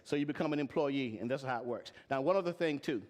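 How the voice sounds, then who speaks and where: A man's voice: medium pitch, fast talker, darkish tone. A man teaching tax and payroll to a live audience, plain-spoken and emphatic, often asking them questions. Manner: asks the audience repeated questions. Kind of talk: live-streamed teaching talk.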